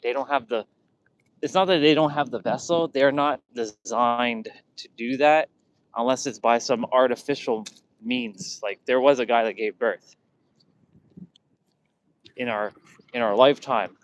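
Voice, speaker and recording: Recorded with poor audio, this man speaks unhurriedly in a medium-pitched voice, pausing often. He's a vlogger telling loose, casual stories, rambling, starting over and acting out quotes.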